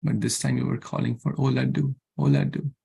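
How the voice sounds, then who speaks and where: A man's voice: medium pitch, level tone, a little fast, gravelly, mellow, breathy edge, exaggerated voice. A man voicing a patient wise mother. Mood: gently chiding. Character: patient wise mother gently correcting her son. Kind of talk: storytelling in a sermon.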